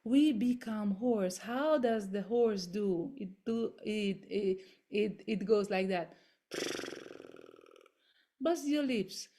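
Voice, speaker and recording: A woman leading a voice workshop over a video call, gently coaching step by step through exercises in English that is not her first language. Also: medium pitch, slow pace, pauses often. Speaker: voice workshop leader. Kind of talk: guided voice and body exercises.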